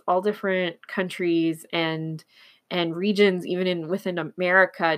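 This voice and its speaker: A woman's voice: on the low side, a bit bright. A woman from Oklahoma chatting casually as a host, rambling with fillers, restarts and frequent giggles. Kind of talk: casual chat.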